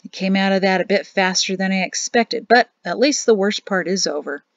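A woman's voice: medium pitch, a little fast, no echo, natural voice. A woman reading a blunt, dry-humored male army surgeon in an audiobook. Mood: wry. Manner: dry, matter-of-fact. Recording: dull dry home recording.

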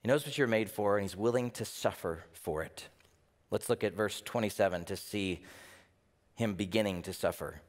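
A man preaching a sermon as pastor, animated, firing off rhetorical questions with a lift in his voice. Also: lowish voice, moderate pace, big-room sound. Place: church.

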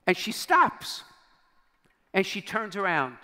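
The long reverb of a large convention hall surrounds a bishop giving a slow, dramatic storytelling sermon to a youth crowd. His male voice sits high, sing-song, bright and forceful, and he acts out quoted lines, dropping to a near-whisper at key moments.

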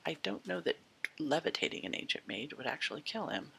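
A woman's voice: low voice, very animated, brisk, gravelly, a bit bright, a little hiss or hum. A woman giving casual let's-play commentary, chatting to the game's characters and slipping in and out of half-whispers. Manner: chatty, talks to game characters, drifts in and out of whispers. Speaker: gameplay host.

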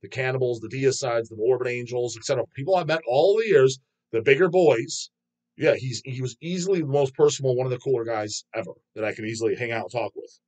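A man's voice: medium pitch, fast talker, a little mellow. A man hosting his own channel, reading viewer comments aloud and answering them in a rambling, profane way, laughing often. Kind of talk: casual chat.

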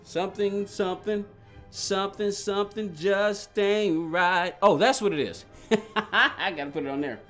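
A man's voice: high-pitched, unhurried, a bit bright, faint music behind. A man streaming a racing game live, telling a rambling story with many restarts and answering his chat as he goes. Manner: reads and answers chat aloud. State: agitated while recounting.

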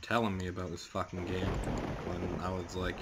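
A man's voice: low voice, little pitch movement, moderate pace, very noisy. A young man from Canada narrating a horror game as he plays, swearing a lot and talking himself through the scares. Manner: profane, jumpy, talks himself through scares. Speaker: gaming channel host. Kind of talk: horror game let's play commentary.

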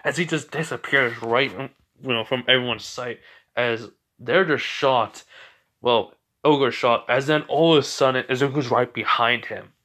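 A man's voice: medium pitch, fairly even intonation, unhurried, pushed and bright. Rambling man retelling a fan story. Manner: rambling, self-correcting.

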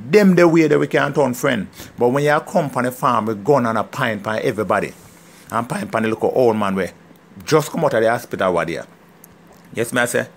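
A man's voice: mid-range voice, vocal fry. A middle-aged Jamaican man speaks straight to his viewers in a heated, emphatic rant. His Jamaican accent is strong, and he keeps driving each point home by asking if he is understood. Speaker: farmer. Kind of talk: casual vlog rant.

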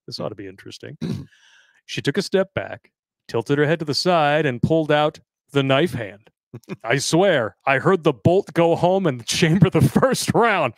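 A man with a fairly high voice reads a story aloud to his co-hosts in a crude, jokey way. He laughs often between lines. The sound is dry and close-miked. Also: animated, a little slow, gravelly, no room sound. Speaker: podcast host reading a listener story. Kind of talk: casual live-stream chat.

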